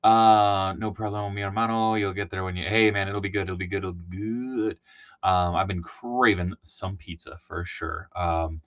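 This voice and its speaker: A man hosting a livestream from his basement, wired and rambling as he calls out chat names. His voice sits low, and the audio has a dull, lo-fi sound. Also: flat delivery, moderate pace, hardly any pauses, fairly bright tone, smooth. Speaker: host. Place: home basement room.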